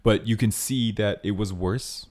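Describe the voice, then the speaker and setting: A man's voice: lowish voice, unhurried, darkish tone. A man co-hosting a podcast, talking earnestly and thoughtfully in casual chat, with many fillers. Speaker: podcast co-host.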